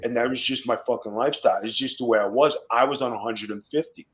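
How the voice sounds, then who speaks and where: A man's voice: mid-range voice, fast talker, a bit bright, rough recording. Profane, boastful man telling war stories. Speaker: guest. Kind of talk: casual podcast chat.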